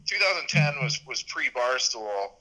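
A man's voice: mid-range voice, very animated, moderate pace, pushed and bright, low-quality recording. A man in his thirties chatting as a podcast guest, rambling with restarts and fillers. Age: 30s. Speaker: podcast guest, sports media host. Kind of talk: casual interview chat.

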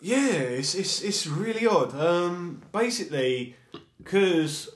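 A man's voice: sits high, expressive, slow pace. A man co-hosting a casual podcast chat, laid-back and casually swearing. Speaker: podcast co-host. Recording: roomy echo.

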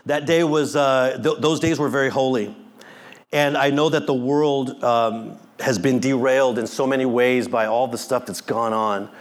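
A middle-aged man, a pastor, preaching a sermon in an animated way, acting out quotes and joking with the congregation. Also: medium pitch, normal speed.

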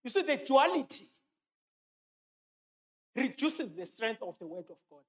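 A man's voice: very high-pitched, very animated, measured pace. A man preaching a sermon, quoting scripture and repeating his key lines for emphasis.

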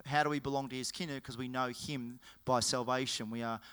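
A man preaching a sermon, retelling stories in a casual, lively way and acting out what people said. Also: medium pitch, fast talker, clear, resonant tone. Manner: storytelling with acted-out quotes.

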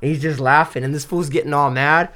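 A man's voice: on the high side, steady tone, fast talker, pushed and bright. A man co-hosting a podcast, talking casually in a loose, slangy and profane way, rambling with restarts. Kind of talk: casual chat.

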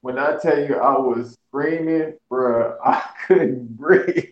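Slangy joking man in a roomy, dull recording. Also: medium pitch. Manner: quick joking comebacks, slangy. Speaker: podcast guest. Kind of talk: casual podcast banter.

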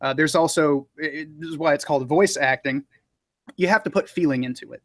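A man's voice: fairly high pitch, fairly quick, dry recording. A man who narrates audiobooks, talking casually in an interview with many fillers and small laughs. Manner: relaxed, rambling, frequent fillers and laughs.

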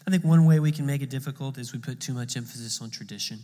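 A man's voice: medium pitch, fast, mellow, long reverb tail. A man preaching a sermon in a conversational way, often repeating words as he goes. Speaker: pastor.

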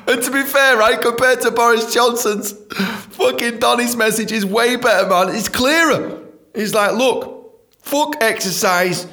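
Male podcast host, high-pitched, profane and mocking comic rant. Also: moderate pace. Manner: profane, ranting; animated, mocking. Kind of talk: comedic monologue.

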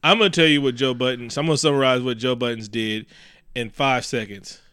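A man's voice: medium pitch, brisk, slight background noise. A man in casual chat who rambles with lots of fillers and swears freely. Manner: profane, animated, rambling with many fillers.

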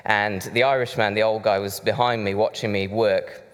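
A man's voice: fairly low pitch, flat delivery, normal speed, fairly bright tone. A man preaching a sermon, conversational and chatty with side remarks. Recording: reverberant hall.

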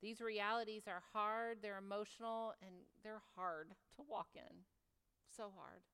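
A woman preaching a sermon to other women, emphatic and full of rhetorical questions, sometimes dropping to soft, reflective tones. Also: medium pitch, steady tone, unhurried, clear, resonant tone. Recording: long reverb of a large hall.

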